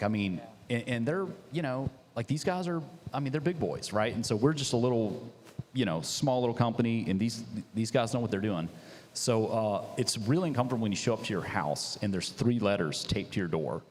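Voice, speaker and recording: A man, a business founder, telling a story in a casual chat, lively and acting out quotes. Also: normal speed, long reverb tail. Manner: animated, acts out quotes with big pitch jumps.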